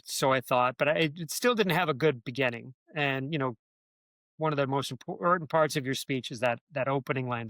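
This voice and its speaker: Male guest in a casual interview, rambling storyteller, mid pitch, dry close-miked sound. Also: a bit bright, dry recording. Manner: rambling, many restarts and "you know" fillers. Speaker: guest, former speechwriter.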